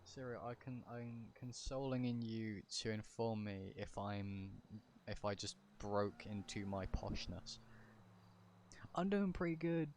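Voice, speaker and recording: Guy streaming a game, chatty and jokey, kinda low voice. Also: monotone, measured pace, a little mellow, a little hiss or hum. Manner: chatty, joking, talks to chat. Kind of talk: casual live-stream commentary.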